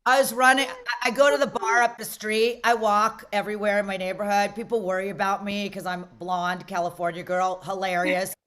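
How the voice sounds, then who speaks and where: A middle-aged woman from Las Vegas hosting a comedy show, doing brash, rambling stand-up that often bursts out loud. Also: medium pitch, flat delivery, a little fast, hardly any pauses.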